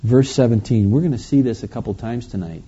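A man preaching, reading scripture aloud slowly and then explaining it in a conversational way. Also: medium pitch, dark tone, husky. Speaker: pastor. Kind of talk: verse-by-verse Bible teaching. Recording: dull lo-fi recording.

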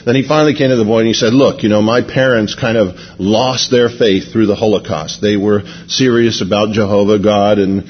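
A man's voice: lowish voice, steady tone, a little fast, hardly any pauses, highs cut off. Rambling chatty male preacher. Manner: rambling, chatty, full of "you know" and restarts. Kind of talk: anecdotal sermon storytelling.

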